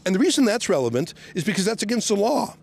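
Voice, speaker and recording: A man reporting on location outdoors, sarcastically shouting questions at police officers. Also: high-pitched, big pitch swings, quick pace, gravelly. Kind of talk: on-the-scene questioning.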